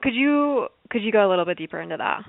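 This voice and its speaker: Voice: medium pitch, lively intonation, fast, vocal fry, no room sound. An interview host asking questions and responding with encouraging, affirming remarks. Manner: encouraging, with frequent affirming sounds. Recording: dry, phone-like narrow sound.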